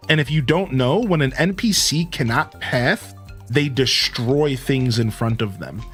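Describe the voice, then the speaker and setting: A man's voice: mid-range voice, fairly bright tone. Guy live streaming a game, chatty and casual, talking to chat, faint music behind. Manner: chatty, reads out and answers viewer chat.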